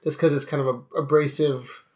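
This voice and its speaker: A Canadian man co-hosts a casual music podcast, his voice sitting a bit high. He speaks easygoing and a little hesitant, often restarting his sentences. He laughs easily as he trades remarks with his co-host. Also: little pitch movement, brisk. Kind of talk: casual chat.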